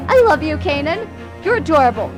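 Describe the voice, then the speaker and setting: Excitable woman streaming a game. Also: high voice, brisk, over music. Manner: excitable, joking, loud outbursts. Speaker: live game translator and streamer. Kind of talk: live game translation commentary.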